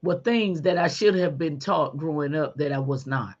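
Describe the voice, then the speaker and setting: A middle-aged woman hosting a podcast, giving a faith-based motivational talk in a folksy, animated way and calling listeners honey. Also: deep voice, moderate pace, lo-fi sound. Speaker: podcast host.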